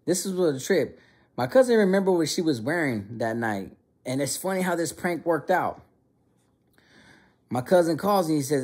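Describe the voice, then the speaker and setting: A young man telling a funny childhood story in an animated, slangy way. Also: fairly high pitch, normal speed, long pauses, husky. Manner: animated, slangy, many restarts. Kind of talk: casual storytelling.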